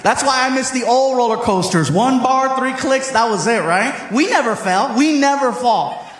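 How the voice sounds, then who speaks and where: Stand-up comedian, man with a high, bright voice, animated storyteller on a live stage. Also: normal speed. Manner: animated, shouts punchlines.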